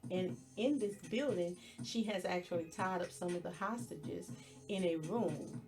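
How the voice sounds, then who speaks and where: A woman's voice: lowish voice, measured pace, darkish tone, faint music behind. A woman hosting a podcast, telling the plot of a show step by step in a casual, storytelling way. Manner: storytelling, plainly retells scenes step by step. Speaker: podcast host. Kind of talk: casual movie recap.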